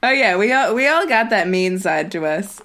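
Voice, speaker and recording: A woman's voice: mid-range voice, expressive, normal speed, fairly bright tone. Chatty rambling young woman podcaster. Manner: chatty and rambling, with many fillers and restarts. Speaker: podcast co-host. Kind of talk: casual chat.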